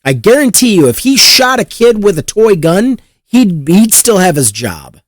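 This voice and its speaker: A male podcast host venting about the news in an exasperated, profane rant. His pitch swings widely, and the recording is dry and close with no room sound. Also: very animated, moderate pace, no room sound. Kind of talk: casual news commentary.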